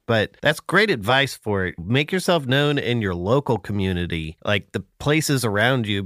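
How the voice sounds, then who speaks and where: A man's voice: on the low side, a bit bright, no echo, clean studio sound. A man hosting a podcast, asking conversational, probing questions. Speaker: podcast host. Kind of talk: casual podcast interview.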